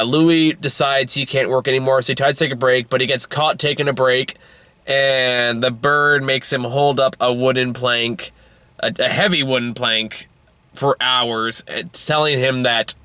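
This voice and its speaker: A man's voice: steady tone, measured pace, bright, forceful tone, smooth, no room sound. Exasperated, profane male movie reviewer. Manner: exasperated, profane, swings into high-pitched outbursts. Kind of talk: casual ranting movie review.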